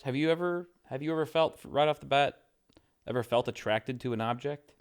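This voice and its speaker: A man's voice: mid-range voice, moderate pace, smooth. A man co-hosting a podcast, chatting casually, often repeating words and laughing. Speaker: podcast co-host.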